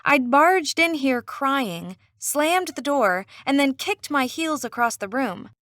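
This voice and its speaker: Expressive woman narrating an audiobook. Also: high voice, dry recording, studio quality. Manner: expressive, unhurried. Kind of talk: first-person audiobook narration.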